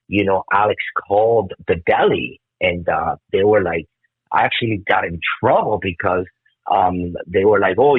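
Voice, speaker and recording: A man's voice: fairly low pitch, husky, dry recording. A man in his fifties telling stories as an interview guest, emotional and profane, heard over a tinny phone-like line. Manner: emotional, profane, keeps saying "bro". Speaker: guest musician. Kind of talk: casual interview storytelling.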